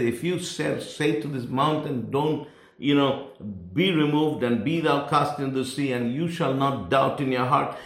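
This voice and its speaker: Emphatic male preacher in an echoey room. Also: on the high side. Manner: emphatic, repeats key phrases, slows for stress. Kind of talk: sermon.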